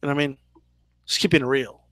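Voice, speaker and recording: A man's voice: mid-range voice, fairly even intonation, quick pace, a bit bright, no echo. A man hosting a casual live Q&A about boxing, chatty and loose, full of "like" and "right?" as he answers viewer questions. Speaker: boxing channel host.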